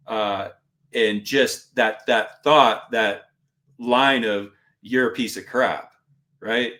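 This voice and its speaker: A middle-aged podcast guest with a voice on the low side speaks slowly while telling a story in casual conversation. He animatedly impersonates other people, quoting the instructors in their own voices.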